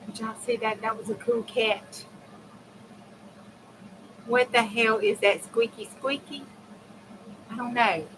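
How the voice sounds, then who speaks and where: A woman's voice: on the high side, slow, long pauses, background noise. Chatty middle-aged woman crafting. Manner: chatty, folksy, talks straight to viewers. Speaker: craft channel host. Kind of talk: casual chat while crafting on a livestream.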